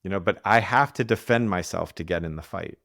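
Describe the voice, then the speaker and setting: A man's voice: sits low, fairly quick, creaky, fairly bright tone, no room sound, clean studio sound. A man, an executive coach, explaining ideas in a podcast interview, often restarting sentences and acting out quoted voices.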